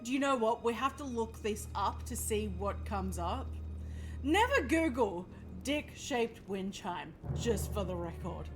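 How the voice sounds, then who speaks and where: A woman streamer chatting through a game with a higher, bouncy voice that swings widely up and down. She jokes with her chat and swears casually. Game music plays behind her. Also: expressive, measured pace. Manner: chatty, joking and profane, talks to chat. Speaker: streamer playing a video game. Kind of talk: live gameplay commentary. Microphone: webcam setup.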